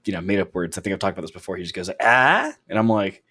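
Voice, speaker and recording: A man co-hosting a casual podcast, telling stories in an animated way and acting out the dialogue. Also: sits low, rapid-fire, breathy edge. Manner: animated storyteller, acts out dialogue. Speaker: podcast co-host.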